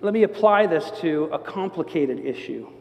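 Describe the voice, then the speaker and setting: Animated high-voiced man preaching. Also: moderate pace. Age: older. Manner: animated storytelling, acts out quotes. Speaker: pastor. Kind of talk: sermon. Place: church sanctuary. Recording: long church reverb.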